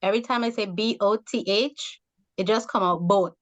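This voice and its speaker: A woman from the Caribbean with a Caribbean accent, hosting a casual interview and telling stories in an animated way, laughing often. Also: medium pitch, moderate pace. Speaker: host.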